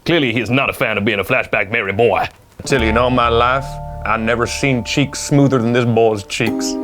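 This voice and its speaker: A man voicing a folksy, rambling old cowboy storyteller with a put-on Southern drawl and gravelly voice. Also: mid-range voice, voice pushed down, close to an everyday voice. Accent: put-on American Southern. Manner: slow folksy drawl with fillers.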